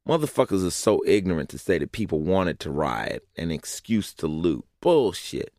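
A man's voice: low voice, very animated, moderate pace, darkish tone, dry recording, studio quality. A man narrating a personal essay in a blunt, profane way, often asking rhetorical questions. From Los Angeles, USA.

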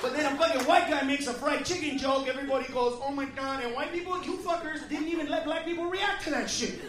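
A man doing a loud, crude stand-up routine, confronting the audience. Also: very high voice, quick pace. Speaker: stand-up comedian. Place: comedy club stage. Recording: echoey club from a distant mic, crowd laughter. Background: audience laughing.

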